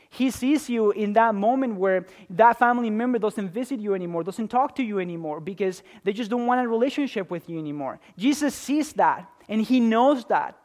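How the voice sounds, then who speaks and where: A young man preaching a sermon earnestly, shifting between loud emphasis and soft, slow, intimate passages. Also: high-pitched. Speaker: pastor.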